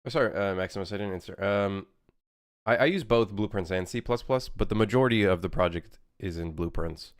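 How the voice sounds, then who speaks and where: A man's voice: low-pitched, brisk, dry recording, clean studio sound. A young man, a native French speaker, casually chatting with his live-stream audience while building a game level, joking and rambling as he answers chat.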